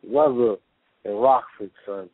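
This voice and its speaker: A man's voice: mid-range voice, slow pace, no room sound. A man co-hosting a casual call-in talk show, laid-back and profane, laughing often. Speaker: co-host. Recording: tinny phone line.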